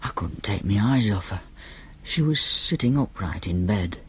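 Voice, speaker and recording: A man with a Northern English accent narrating an audiobook in a deadpan, matter-of-fact manner. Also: lowish voice, moderate pace, slightly rough. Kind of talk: first-person audiobook narration.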